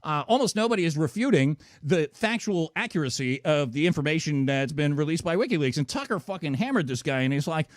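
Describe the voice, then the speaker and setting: A man's voice: on the high side, lively intonation, brisk, hardly any pauses, no echo, clean studio sound. A man hosting a call-in talk show, ranting sarcastically and swearing constantly. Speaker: radio show host. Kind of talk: profane call-in show rant.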